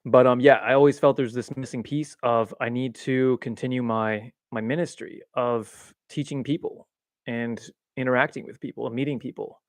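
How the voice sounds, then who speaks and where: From a swivel chair at home, a man hosts a livestream of casual spiritual chat, rambling and poking fun at himself with frequent laughs. His mid-range voice is steady at a moderate pace, recorded dry and clean through a boom-arm mic.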